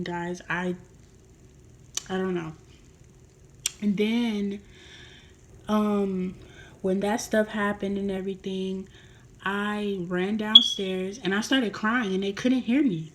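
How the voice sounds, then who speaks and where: A young woman vlogger telling a personal story in a rambling, emotional way with many fillers. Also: mid-range voice.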